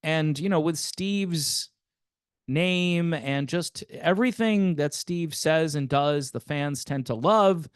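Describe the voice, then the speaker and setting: Man in his 50s, music commentary host, casual wry sarcasm, a bit high, dry close sound. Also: slow pace, clear, resonant tone, no echo. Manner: wry and sarcastic, with theatrical asides.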